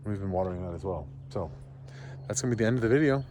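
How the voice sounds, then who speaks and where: A man's voice: lowish voice, animated, rapid-fire, a little mellow, a little hiss or hum. A man vlogging outdoors by his barn and driveway, rambling and easygoing as he explains his project into an action camera. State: out of breath. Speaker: homesteading vlogger. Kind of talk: casual vlog walkthrough.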